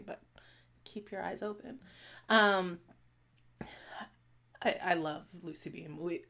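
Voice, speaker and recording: A woman in her late thirties chatting casually to camera as a stitching vlogger, rambling with many fillers and restarts. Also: lowish voice. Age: 30s. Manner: talks fast at times.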